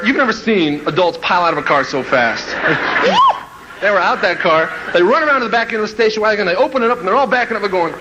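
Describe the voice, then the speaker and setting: A man spins a comic tale for a live crowd, his voice swinging high and low as he plays it up. He sits a touch higher than most men. The recording carries a steady layer of noise. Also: fast. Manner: animated, playful, shouts and laughs through the story. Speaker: motivational speaker. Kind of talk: comedic storytelling to a live audience.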